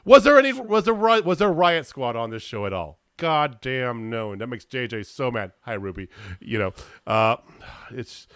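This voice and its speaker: A man in casual chat about wrestling, ranting in an animated way and swearing freely. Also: mid-range voice, moderate pace, no echo, clean studio sound. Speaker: podcast co-host.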